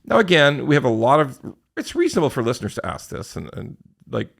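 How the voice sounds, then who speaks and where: A man rants through a casual podcast chat with a gravelly, bright voice that swings up and down in pitch. He swears freely, laughs often and trips over repeated words as he restarts sentences. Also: big pitch swings, fast. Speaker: podcast host.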